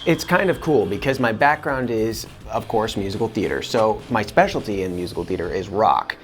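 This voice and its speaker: A man with a fairly low voice answers interview questions as a voice actor. He talks in an earnest, animated way, with faint guitar music playing softly behind him. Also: normal speed.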